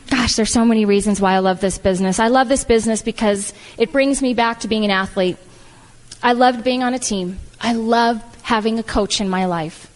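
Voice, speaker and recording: A middle-aged woman giving a heartfelt, animated motivational speech to an audience. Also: on the high side. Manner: heartfelt, animated, repetitive "I love" phrasing. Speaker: speaker at a business event. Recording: reverberant hall.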